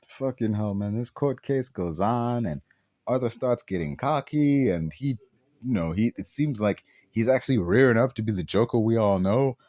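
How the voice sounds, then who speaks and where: A man's voice: medium pitch, lively intonation, moderate pace, mellow, no room sound. A man ranting through a film review, exasperated and swearing heavily, firing off rhetorical questions. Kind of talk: profane ranting movie review.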